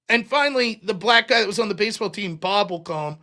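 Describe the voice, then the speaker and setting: A high-voiced man talks fast with hardly a pause, his tone bright and forceful. As host of a live stream, he's in the middle of a rambling storytelling monologue, casual and profane and full of fillers.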